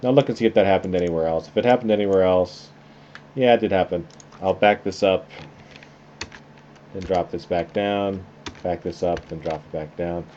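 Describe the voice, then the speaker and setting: A man teaching a class through a software tutorial, talking casually and thinking aloud as he works. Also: low voice, moderate pace, long pauses. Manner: relaxed, conversational, thinking aloud while clicking. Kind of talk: screen-recorded software tutorial. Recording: slightly dull lo-fi sound with faint noise.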